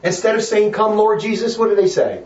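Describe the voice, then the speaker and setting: High-voiced man preaching fiery sermon, roomy. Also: sing-song, fairly quick, distant mic, muffled recording. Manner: fiery, emphatic, repetitive preaching.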